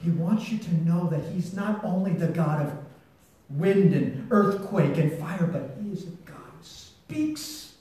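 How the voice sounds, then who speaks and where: A male preacher with a fairly high voice delivers a slow, deliberate sermon. He swings from loud, shouted proclamation down to a hushed near-whisper. The sound is very echoey, picked up from a distance in a large hall. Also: expressive.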